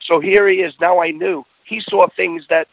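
A man's voice: sits high, steady tone, moderate pace, gravelly, no room sound, phone-quality sound. A middle-aged man telling a personal story in casual conversation, earnest, often restarting his phrases.

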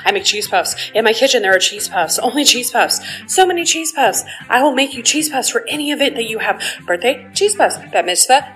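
A woman voicing a manic, cheese-puff-obsessed caterer in a parody ad pitch. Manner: zany deadpan parody ad pitch.

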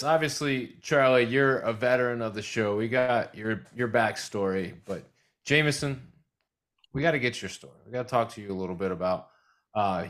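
A man with a fairly low voice hosts a relaxed podcast. He asks questions in an easy, joking way. He keeps the conversation moving. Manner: laid-back, joking, leads questions. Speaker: podcast host. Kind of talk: casual podcast interview.

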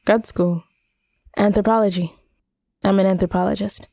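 A woman narrating a first-person romance audiobook in an intimate, soft-spoken way. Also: fairly low pitch, fairly even intonation, takes it slowly, creaky, breathy edge, no echo, studio quality.

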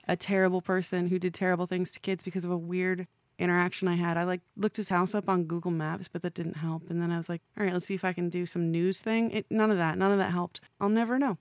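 A woman's voice: lowish voice, fairly even intonation, fast talker, dry recording. A woman from the New York area with a slight lisp, rambling wryly through stories on a podcast. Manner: rambling, wry, swearing. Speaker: podcast co-host. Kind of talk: casual storytelling chat.

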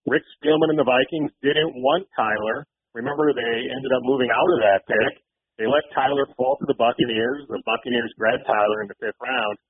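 A husky-voiced man chats quickly about sports news as a call-in guest. He comes through a dry, tinny phone line. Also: mid-range voice, no room sound. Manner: quick, newsy and chatty. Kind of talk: phone-in sports radio chat.

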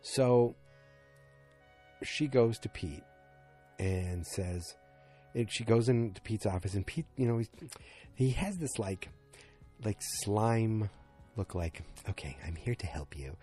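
A man's voice: on the low side, animated, takes it slowly, pauses often, dark tone, faint music behind. A man casually recapping a TV episode, rambling with lots of fillers and restarts.

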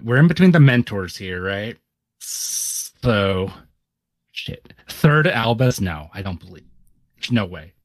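Low-voiced man guessing aloud, swearing. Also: very animated, slow pace, no room sound. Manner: swears and thinks out loud. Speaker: podcast co-host. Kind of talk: casual chat, guessing aloud.

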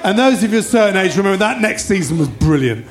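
A man's voice: high voice, big pitch swings, quick pace. A man hosting a live podcast, reminiscing with enthusiasm about old football matches. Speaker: podcast host. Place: live show venue with audience.

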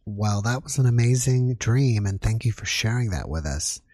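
Male host, husky mellow voice, calm brief questions. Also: fairly low pitch, moderate pace, dry recording. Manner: calm, brief, attentive prompting. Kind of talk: interview questions.

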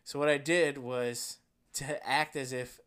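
Podcast co-host, male, New Jersey accent, deadpan storyteller who breaks into laughs, mid-range voice. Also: medium pitch, a little slow, smooth. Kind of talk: casual chat, reading a story aloud.

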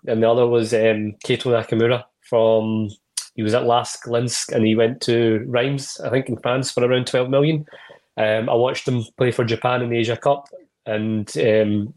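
Guy on a football pod, measured, thinks out loud with ums. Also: mid-range voice. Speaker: podcast panelist. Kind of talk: casual football chat.

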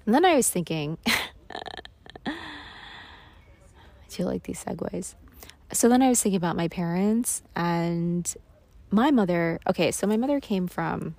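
A woman hosts a confessional solo podcast in a voice full of vocal fry, sitting at a middling pitch. She sounds tired and talks candidly, mocks herself, swears and laughs often. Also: expressive, a little slow, pauses often, darkish tone. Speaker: podcast host.

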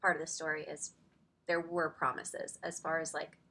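A woman's voice: low voice, little pitch movement, normal speed, creaky, pushed and bright. A woman in her thirties telling a personal story in a faith podcast conversation, chatty and full of "like", close to tears at times. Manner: chatty, fills speech with "like". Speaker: podcast guest.

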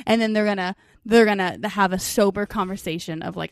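A woman's voice: mid-range voice, brisk, smooth, no echo, clean studio sound. A young woman co-hosting a podcast, gushing in casual chat and acting out scenes, laughing often. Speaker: podcast co-host.

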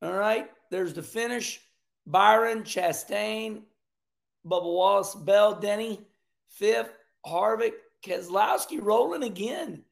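Gravelly high-pitched chatty man. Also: slow pace. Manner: chatty, joking, animated asides. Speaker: racing commentator. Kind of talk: casual commentary vlog.

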